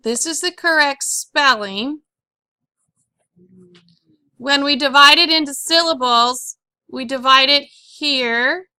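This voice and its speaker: Slow, bright-voiced woman teaching phonics. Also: high-pitched, no room sound. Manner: patient, slow, questioning, repeats words for pupils. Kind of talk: classroom phonics lesson.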